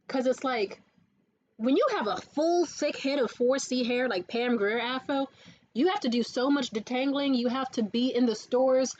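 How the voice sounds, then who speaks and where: High-voiced woman, profane vlog storyteller. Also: normal speed, darkish tone, dull audio. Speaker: vlogger. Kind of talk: casual life-update vlog. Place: indoors in a room.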